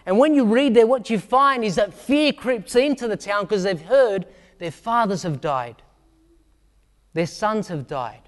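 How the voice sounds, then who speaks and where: A man preaching a sermon, acting out Bible scenes with shouts and asking the congregation questions. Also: high-pitched, animated, unhurried, in a large hall. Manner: asks the congregation direct questions.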